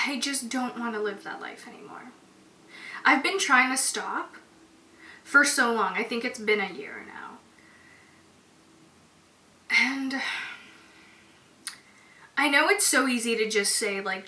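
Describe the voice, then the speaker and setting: A woman's voice: a little high, a little slow, pauses often, sharp tone. A young woman hosting her own podcast, talking openly and emotionally in a casual, candid monologue. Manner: open, emotional, casual with frequent "like". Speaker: podcast host. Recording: roomy echo, distant mic, faint hiss.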